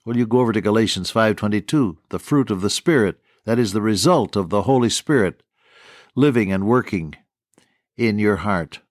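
A man's voice: fairly low pitch, moderate pace, no room sound, studio quality. An older man teaching the Bible on the radio in a folksy, storytelling way, often chuckling.

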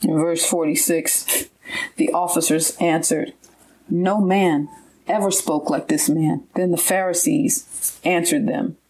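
A woman's voice: sits low, fairly even intonation, slow pace, darkish tone, breathy edge, low-quality recording. A woman in a conversational Bible study who reads the verses aloud and backs up her partner.

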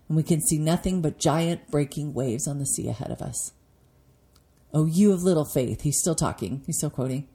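A woman's voice: low-pitched, dark tone. A woman in her forties giving an earnest devotional talk with a personal story, getting emotional at times. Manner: earnest, emotional, voice rising when moved. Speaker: podcast host teaching devotionally.

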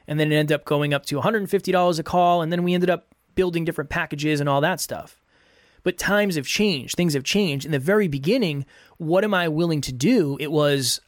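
A man with a slightly raised voice talks straight into a close microphone with no room sound at all. He coaches his listeners earnestly, circling back over the same points in a steady motivational monologue. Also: a little high, no room sound. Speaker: podcast host and coach. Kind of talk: solo podcast advice monologue.

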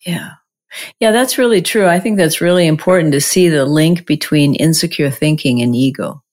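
A woman's voice: sits low, normal speed, a little mellow. A woman co-hosting a casual, reflective conversation, rambling with many restarts and fillers.

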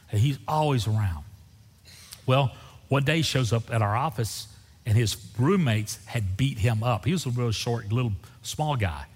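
A pastor telling a personal story in a sermon, acting out the dialogue with lively storytelling. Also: male voice, medium pitch, husky, big-room sound.

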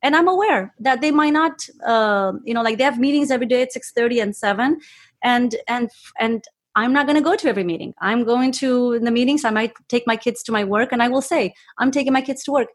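A woman guest speaks with earnest enthusiasm in a slightly high voice. She often restarts her sentences as she speaks. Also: brisk. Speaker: guest, health provider. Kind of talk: casual interview talk.

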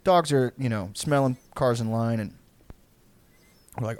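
A man's voice: mid-range voice, a little slow, a little mellow. A young man with a drawl tells a sprawling story in loose, casual talk. He rambles and swears freely, breaking into laughter along the way. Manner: rambling, profane, laughing often.

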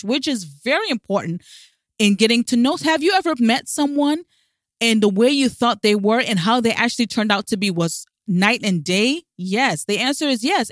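A woman's voice: mid-range voice, no echo, clean studio sound. A woman coaching her listeners with emphatic advice, asking rhetorical questions and speaking with a smile in her voice. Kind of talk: direct-to-camera advice talk.

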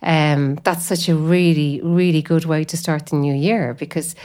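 A woman with a notably low voice talks through faith and daily life in an easy, conversational way. She rambles as she thinks, filling pauses with "you know" and "um". Her tone stays unscripted and chatty. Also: fairly even intonation, a little mellow. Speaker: guest speaker on faith. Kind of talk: conversational spiritual talk.

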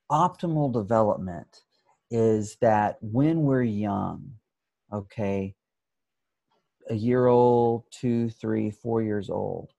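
A man who works as an addiction therapist, explaining his approach in an interview with thoughtful pauses and frequent restarts. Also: fairly low pitch, vocal fry, mellow, dry recording. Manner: thoughtful, many restarts, acts out examples.

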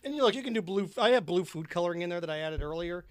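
With no room sound around him, a man talks very fast in a high, animated voice. He's a podcast host making a drink while joking casually and rambling, humming and singing bits as he works.

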